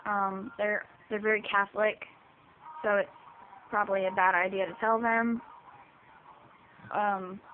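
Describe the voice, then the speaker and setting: A seventeen-year-old girl talking hesitantly to the camera, with many ums and restarts. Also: medium pitch. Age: teens. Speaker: vlogger. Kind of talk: personal vlog talking to camera. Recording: tinny lo-fi sound with hiss.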